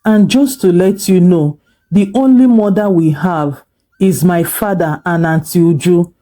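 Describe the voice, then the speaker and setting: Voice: medium pitch, measured pace, faint music behind, lightly acted. A storyteller voicing an angry, defiant teenage girl who hurls accusations. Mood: furious. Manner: shouting accusations. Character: furious teenage girl, sharp-tongued and defiant.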